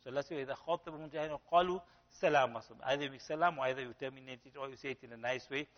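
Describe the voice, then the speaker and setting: A man's voice: medium pitch, fairly even intonation, rapid-fire. A male preacher giving a conversational sermon, telling stories and often saying "you know". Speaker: Islamic preacher. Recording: dull sound with long hall reverb.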